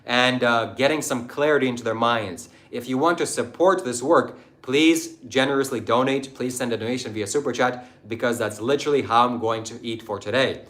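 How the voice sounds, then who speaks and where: A man's voice: medium pitch, fairly quick, few pauses, a bit bright. A man hosting a livestream, answering viewers in a combative, mocking, preachy way. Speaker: livestream host. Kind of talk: livestream talk answering chat.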